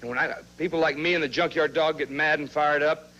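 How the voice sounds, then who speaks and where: A man's voice: a little high, fairly even intonation, brisk, bright, forceful tone. A man cutting a fired-up wrestling promo, challenging his rival in a drawling way. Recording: muffled old TV audio.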